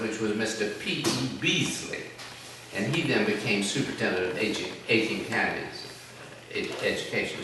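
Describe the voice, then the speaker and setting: In an echoey room with a distant mic and a noisy background, an older man from South Carolina tells rambling, folksy stories about his childhood. His voice is fairly low, pushed and bright. He reminisces as an oral history interviewee in a self-deprecating way.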